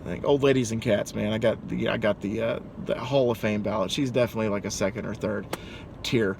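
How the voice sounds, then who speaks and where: A young man, a pizza delivery driver, telling funny work stories in an animated, chatty way, casually cussing. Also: lowish voice, brisk, creaky, noisy background. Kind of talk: casual storytelling to camera.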